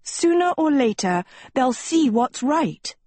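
A vain teenage girl who sees herself as a princess, put on by a woman reading a storybook. Her voice sits high and sugary above the reader's own, sweetly haughty, with a husky edge. The sound is dry and close. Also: sing-song, a little slow, a little mellow, no echo, exaggerated voice. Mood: sweetly coy.

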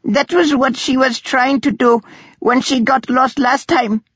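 A woman's voice: high voice, steady tone, unhurried, slightly rough, no room sound, pitched above the performer's own voice. A man reading an audiobook and voicing a frightened, apologetic servant woman, middle-aged, who talks in a timid, flustered, pleading way. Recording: dull lo-fi audiobook recording.

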